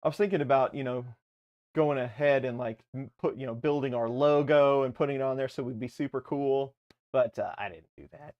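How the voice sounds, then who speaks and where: This livestream co-host speaks quickly at a medium pitch, and the recording has its high frequencies cut off. He chats casually about tech from a basement at home, wandering off track and fixing his own mistakes as he explains each step.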